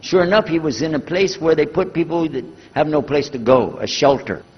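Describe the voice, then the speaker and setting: A man's voice: on the high side, brisk, breathy edge. An older man with a Texan accent, a preacher telling a story to an audience and acting out both sides of the conversations. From United States. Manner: animated storyteller acting out dialogue. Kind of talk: storytelling talk. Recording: echoey hall, dull lo-fi sound.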